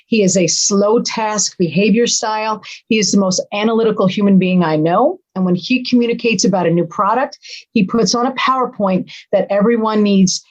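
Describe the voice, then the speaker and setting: A middle-aged woman guest on a podcast, talking in a lively, dramatic way and acting out little quotes. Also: mid-range voice, moderate pace, low-quality recording. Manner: animated, dramatic, acts out quotes. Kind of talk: casual podcast conversation.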